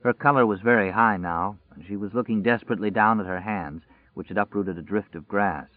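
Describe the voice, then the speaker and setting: A man narrating a novel in a measured, even storytelling voice. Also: lowish voice, dry recording. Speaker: audiobook narrator. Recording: dry, tinny phone-like sound.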